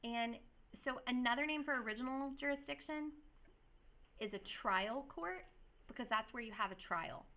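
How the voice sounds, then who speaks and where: A woman's voice: a little high, normal speed. A woman teacher giving a casual classroom lecture, chatting with her students and acting out little quotes in her examples. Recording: tinny lo-fi classroom recording.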